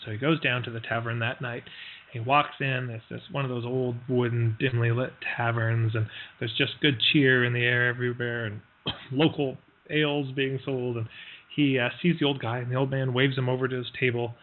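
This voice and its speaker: A man teaching an online workshop, telling a parable in a relaxed, halting way with many fillers and brief voiced quotes. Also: mid-range voice. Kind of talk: storytelling in a live online lesson. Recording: tinny phone-like line.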